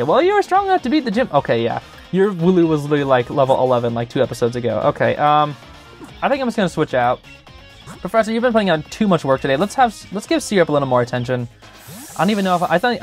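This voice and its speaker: A young man hosting a gaming channel, giving chatty, joking gameplay commentary full of filler words. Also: fairly high pitch.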